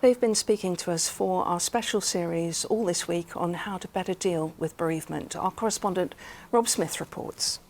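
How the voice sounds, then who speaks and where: A woman presenting regional TV news, reading stories in a clear, measured way. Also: lowish voice, darkish tone, a little hiss or hum.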